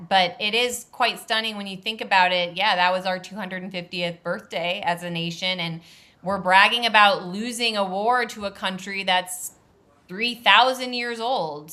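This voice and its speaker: A woman speaking as a podcast guest, candid and a little wry, with a clear, bright voice at an ordinary pitch. She talks in a loose conversational way, now and then laughing mid-sentence. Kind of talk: casual interview talk.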